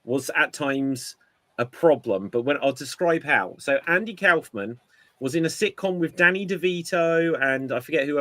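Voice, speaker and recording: Guy cohosting a chat show, bright voice, animated storyteller, dry close sound. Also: medium pitch, dry recording. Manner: animated storyteller, acts out quotes. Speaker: podcast co-host. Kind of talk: casual chat.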